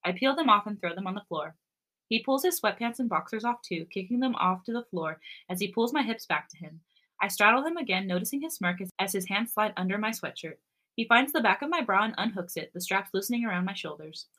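A woman podcast co-host reading romance fan fiction aloud, expressive and sometimes breaking into giggles. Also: medium pitch, a little fast.

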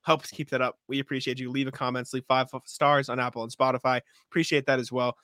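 A man's voice: medium pitch, little pitch movement, fast talker, bright, forceful tone, no room sound, studio quality. A man co-hosting a sports podcast in casual chat, talking loosely and laughing often. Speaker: podcast co-host.

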